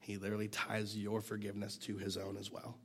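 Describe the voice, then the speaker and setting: A man's voice: fairly low pitch, monotone, fairly quick, fairly bright tone, breathy edge. A man teaching a Bible passage in a casual, conversational way, fighting a cough and sometimes dropping to a near whisper. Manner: conversational, self-deprecating, drops to near whisper at times.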